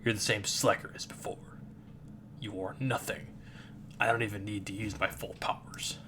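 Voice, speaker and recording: A man's voice: on the low side, flat delivery, normal speed, background noise, voice pushed down, lightly acted. A man voicing an arrogant teenage boy shaman who speaks with cold contempt. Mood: scornful.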